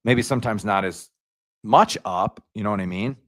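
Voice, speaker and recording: A man hosting a casual livestream, rambling and slangy, jumping up in pitch when he gets excited. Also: moderate pace, dry recording, studio quality. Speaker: YouTube livestream host.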